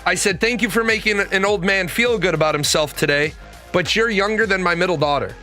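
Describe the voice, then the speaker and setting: Middle-aged man host, high and bright voice, profane casual storyteller, faint music underneath. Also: a little fast.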